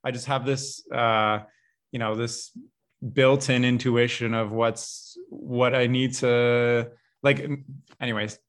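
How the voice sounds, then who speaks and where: A man hosting a podcast interview, chatty and excitable, reacting quickly to his guest. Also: mid-range voice. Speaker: podcast host.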